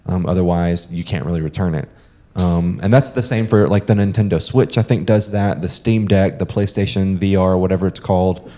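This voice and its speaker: A man's voice: low-pitched, brisk, warm tone. A young man co-hosting a podcast, explaining practical tips to listeners in a casual way with frequent "um". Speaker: podcast co-host.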